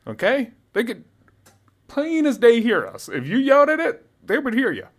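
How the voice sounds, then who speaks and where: Speaking at a normal speed in a very high pitch, a young male podcast co-host tells a casual story. Lively and profane, he laughs often and raises his voice to play a drunk fan.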